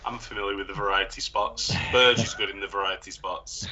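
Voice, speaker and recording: Bright-voiced man hosting. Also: lowish voice, fairly even intonation, low-quality recording. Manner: jokey, self-deprecating, quick asides. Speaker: game master of a live script-reading stream. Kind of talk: mock-epic speech, then casual chat.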